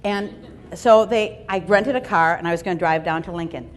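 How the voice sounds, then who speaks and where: A middle-aged woman giving a motivational keynote talk to a live audience in a large room, animated and playful, acting out little voices. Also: lowish voice, moderate pace, slight background noise. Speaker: fundraising speaker.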